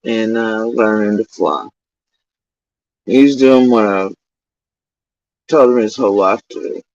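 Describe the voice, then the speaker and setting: A man's voice: lowish voice, darkish tone, no echo. A middle-aged man livestreaming casual, meandering chat, often swearing. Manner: profane, meandering, drawn-out. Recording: dull lo-fi dry sound.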